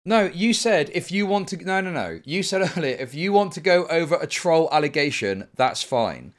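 A man's voice: on the high side, sing-song, moderate pace. Heated man arguing with chat. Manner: argumentative, heated, swears often. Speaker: streamer. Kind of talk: live stream commentary.

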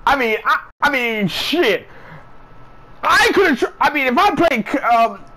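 Guy going off on a profane rant, slow talker, pitch jumping all over. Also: very animated, sharp tone, low-quality recording. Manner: profane, repetitive, incredulous ranting. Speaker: sports vlogger. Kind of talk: ranting casual commentary.

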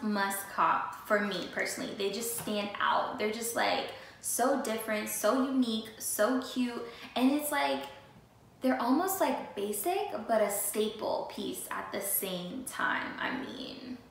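A woman's voice: fairly high pitch, fairly bright tone. A young woman vlogger chatting casually and with lots of energy, talking straight to her viewers about her new sneakers. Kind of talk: casual sneaker haul chat. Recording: echoey room with faint noise.

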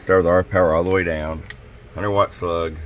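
A man with a slightly hoarse voice, casually walking through a demo at his radio workbench, dropping in fillers and a tag of "okay?". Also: low voice, fairly even intonation, moderate pace, a little hiss or hum. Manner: casual, folksy, drops in "okay?" and "uh". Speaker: CB radio shop technician. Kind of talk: casual product demo narration.

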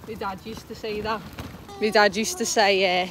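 A woman's voice: mid-range voice, brisk, fairly bright tone, a little hiss or hum. A young woman, a new mum, chatting casually to her vlog camera at home, giggly and dropping the odd mild swear. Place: at home indoors.

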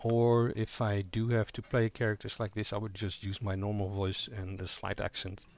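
A roleplaying game player explains how to voice characters in a casual spoken tutorial, thinking aloud and improvising as he goes. His voice is on the low side and a little mellow, with a level tone and normal speed.

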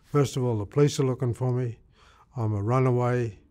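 A man's voice: mid-range voice, a little fast, mellow. An older man from Australia, an interviewee telling his life story in a rambling way, full of fillers and repeated words.

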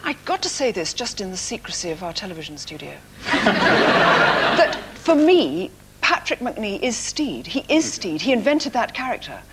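A posh woman in her fifties chatting as a guest in a television studio, full of theatrical, laughing anecdotes. Her voice sits in an ordinary middle range. The old broadcast recording carries a clear layer of hiss. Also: mid-range voice, very animated, moderate pace. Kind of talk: chat show interview.

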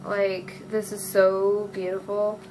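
A woman's voice: mid-range voice, monotone, takes it slowly, noisy background. A teenage girl vlogging casually, rambling and gushing with lots of ums. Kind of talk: casual fan vlog.

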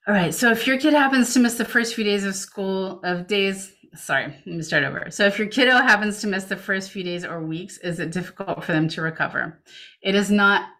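A woman's voice: fairly low pitch, a bit bright. A woman presenting a parenting webinar over a video call. She coaches parents in a reassuring way and reads questions from the chat aloud. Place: home setup, remote webinar. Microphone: computer mic on video call.

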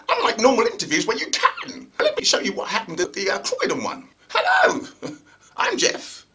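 A man's voice: sits high, wildly swooping pitch, a little fast, bright, forceful tone. A male actor with a received pronunciation accent, hosting his channel with a chatty, theatrical comic monologue. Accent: British received pronunciation.

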